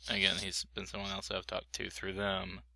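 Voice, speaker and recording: Low gravelly guy cracking jokes on a podcast, very bright edge. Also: monotone, moderate pace, dry recording. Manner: joking, wry asides. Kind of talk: casual chat.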